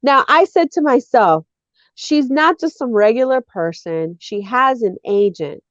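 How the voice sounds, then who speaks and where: A woman co-hosting a casual talk show, telling stories in an animated way and acting out what people said. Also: fairly high pitch, measured pace, dry recording. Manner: animated storytelling, acting out quotes. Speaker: co-host. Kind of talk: casual chat. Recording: dull lo-fi audio.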